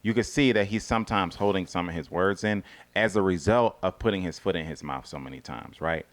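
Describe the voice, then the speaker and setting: A man co-hosting a casual TV review chat, talking loosely with restarts and drifting into a quiet murmur. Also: a little fast. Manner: conversational, restarts and trails off in a low murmur. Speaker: co-host of a reality TV review show.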